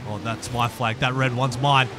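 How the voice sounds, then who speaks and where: A young man hosting a racing game session with friends, laughing a lot and bursting into excited shouts. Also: medium pitch, normal speed, background noise. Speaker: YouTube gaming host. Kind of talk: casual gaming chat.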